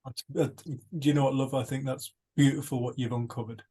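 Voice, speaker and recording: A man hosting a retreat over a video call, telling stories in an earnest, animated way. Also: mid-range voice, brisk, husky. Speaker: retreat host. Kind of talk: casual reflective talk.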